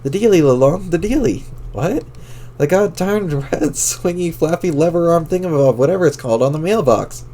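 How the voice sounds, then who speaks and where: A man reading out a chat log, voicing an excitable, flustered teen girl in a high squealing voice. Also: moderate pace. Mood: frantic excitement. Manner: squealing, stammering, shouting in a pitched-up voice.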